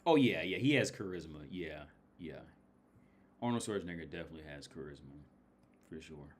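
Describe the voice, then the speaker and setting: Profane, rambling American man, low voice. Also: animated, a little fast. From United States. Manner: rambling, profane, laughs often. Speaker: livestream host. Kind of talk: casual livestream talk.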